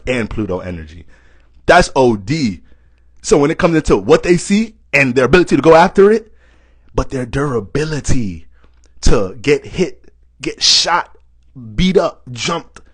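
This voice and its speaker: Tired joking man, animated slang talk. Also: fairly high pitch, dry recording. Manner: animated, joking, swears a lot. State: tired, short on sleep. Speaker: astrology reader. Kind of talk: casual astrology talk.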